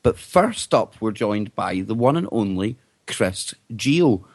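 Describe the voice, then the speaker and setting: A man's voice: on the low side, very animated, slow pace, no echo. A man hosting an internet radio talk show, upbeat and jokey as he welcomes guests.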